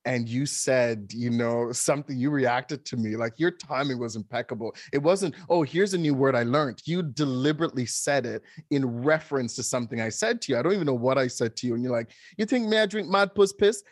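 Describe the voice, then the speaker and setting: A man's voice: medium pitch, a little fast, few pauses, no echo. Chatty man with a dry voice. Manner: chatty, animated storyteller who laughs often. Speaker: podcast co-host. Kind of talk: casual chat.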